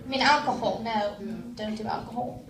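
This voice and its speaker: Woman doing a jittery fake british accent, high voice, roomy far-off mic. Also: fairly even intonation, a little fast, fairly bright tone. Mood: flustered. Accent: put-on British. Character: nervous woman faking a prim British accent. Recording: roomy, distant live stage mic.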